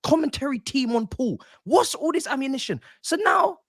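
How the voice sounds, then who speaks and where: A man on a football panel, ranting in theatrical mock outrage. His pitch swings widely, and his voice sounds dry and close. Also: sing-song, moderate pace, a bit bright, dry recording. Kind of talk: football fan banter.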